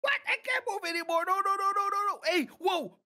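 A woman voicing an excitable male game player who panics easily and yelps in repeated bursts. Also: very high voice, fairly quick, exaggerated voice. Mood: panicked. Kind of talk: game video role-play.

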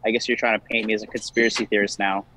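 A man's voice: fairly low pitch, flat delivery, rapid-fire, bright, forceful tone, low-quality recording. A young man, a dating coach, talking casually and defensively with many restarts. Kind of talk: casual call-in conversation.

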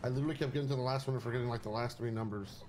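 A man's voice: mid-range voice, fairly even intonation, rapid-fire, darkish tone, a little hiss or hum. A laid-back man chatting casually during a game role-play, often repeating himself.

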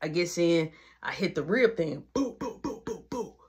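Slangy, animated young man telling a story. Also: high-pitched, normal speed, breathy edge, soft background music. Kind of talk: casual storytime vlog.

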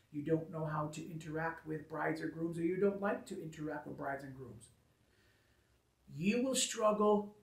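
A man's voice: high voice, fairly bright tone, recorded from a distance. Emphatic man, roomy and off mic. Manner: emphatic, repeats points for stress. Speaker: wedding photographer giving business tips. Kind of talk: casual advice talk to camera.

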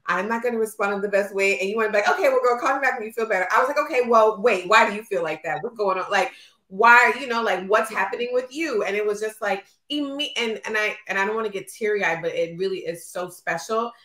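A woman's voice: mid-range voice, quick pace, pushed and bright, roomy sound. A woman co-hosting a podcast, talking candidly and emotionally about a friendship, often acting out what was said. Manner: candid, emotional, acts out quotes. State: postpartum. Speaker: podcast co-host. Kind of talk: casual chat.

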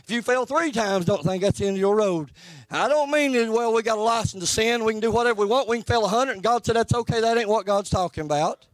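A man's voice: fast, no echo. A man preaching a sermon in a church, plainspoken and folksy, with an earnest delivery. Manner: plainspoken, folksy and earnest, rising and falling in pitch. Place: church sanctuary.

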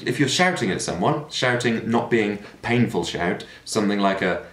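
A man giving a singing lesson, explaining technique clearly. His voice rises and falls in a lively way. The room around him is echoey. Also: on the low side, normal speed, few pauses. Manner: explanatory, with sung and shouted demonstrations. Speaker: singing teacher.

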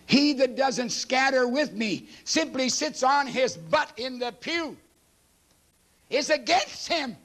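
A man preaching a sermon, emphatic and preachy, swinging between loud declarations and hushed asides, and reading scripture aloud quickly. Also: very high-pitched.

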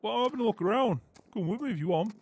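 A man's voice: sits high, animated, racing, a little mellow, breathy edge, dry recording, heavily acted. An actor playing a blunt, teasing male farm worker who swears constantly. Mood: grumbling. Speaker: farm roleplay character.

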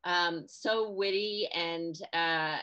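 A woman's voice: on the low side, very slow, sharp tone, clear, resonant tone, lo-fi sound. A woman chairing an online event's discussion praises the readings with enthusiasm. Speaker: committee chair, discussion moderator. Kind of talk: casual live-event hosting.

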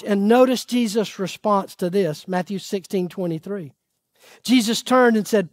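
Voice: medium pitch, a little slow, dry recording, clean studio sound. A pastor preaching a sermon, putting questions to the congregation and pressing points home with earnest pleading. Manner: asks the audience questions and answers them.

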